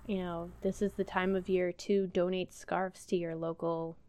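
A woman's voice: lowish voice, little pitch movement, normal speed, dark tone. A woman co-hosting a podcast, chatting casually in a rambling, playful way. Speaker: podcast co-host. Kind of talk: casual chat.

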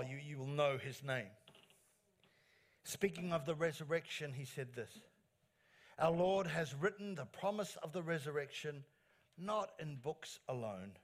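A male pastor delivering an earnest sermon in a church, stressing lines by repeating them. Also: a little high. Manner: earnest preaching with rising emphatic phrases and repeated lines.

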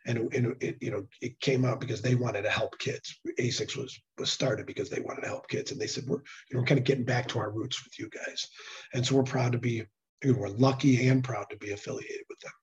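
A slightly hoarse man speaks earnestly and casually in an interview, often stopping to restart his phrasing. His voice has a dull, lo-fi quality. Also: mid-range voice, fairly even intonation, fairly quick. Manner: earnest, with frequent restarts and fillers. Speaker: nonprofit executive director. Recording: dull lo-fi sound.

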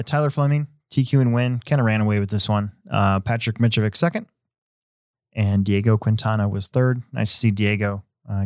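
A low-pitched man hosting a relaxed podcast chat, rambling along with fillers and restarts. His voice sits dry and close on the mic, with no room around it. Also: no room sound. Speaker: host; hobby shop owner.

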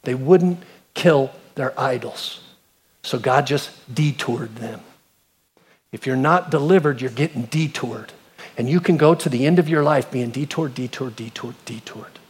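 A man in his fifties preaching a sermon, retelling a story with emphatic rises and hushed drops. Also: measured pace, husky. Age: 50s. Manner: animated storytelling, rising to emphatic peaks and dropping low. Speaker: pastor.

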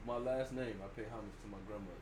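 Young man, rapid lively talk, clear noise behind him. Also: medium pitch. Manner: fast lively storytelling. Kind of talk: casual chat.

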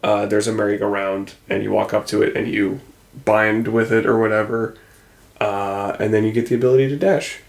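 A man co-hosting a casual gaming podcast, relaxed and halting, often trailing off. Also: on the low side, gravelly, roomy sound. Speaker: podcast co-host. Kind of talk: casual game discussion.

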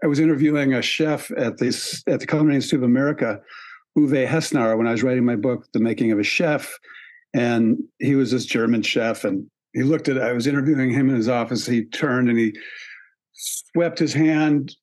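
A man, an author and podcast guest, speaking in a relaxed conversational way, thoughtful and full of ums and restarts. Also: medium pitch, a little fast. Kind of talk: relaxed conversational interview talk.

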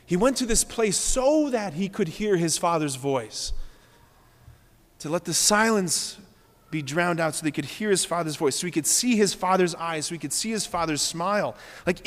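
A high-voiced man preaching a sermon as a Catholic priest, his earnest words driven home by repeated phrases. He speaks with building passion. The long reverb of a large church trails after each line.

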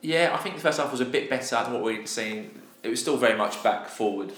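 A man's voice: medium pitch, fast talker, a bit bright. A man co-hosting a fan podcast, talking through a football match in casual chat with exasperated, opinionated asides. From England. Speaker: podcast co-host. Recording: roomy echo.

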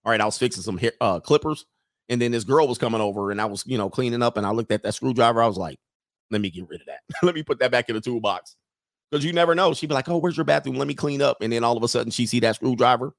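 A man with a mid-range voice talks quickly, recorded cleanly in a studio with no room sound. He's hosting a live stream, reading viewer comments aloud and riffing on them loosely and jokingly. His casual commentary is aimed straight at the chat.

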